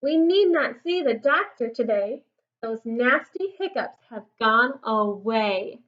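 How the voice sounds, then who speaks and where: A woman's voice: fairly high pitch, animated, takes it slowly, dull audio. A woman voicing a fussy father bear who hiccups through his rhyming lines, for a storybook read-aloud. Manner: hiccups in sing-song rhyme.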